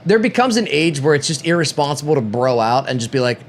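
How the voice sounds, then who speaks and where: A man's voice: mid-range voice, sing-song, quick pace, slight background noise. A man co-hosting a podcast in casual chat, joking and laughing often and acting out quotes. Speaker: podcast co-host.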